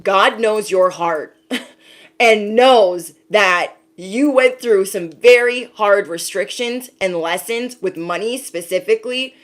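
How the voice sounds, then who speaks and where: A woman, an intuitive card reader, giving a casual spiritual reading to her viewers, talking emphatically with a lot of repetition and some casual swearing. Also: mid-range voice.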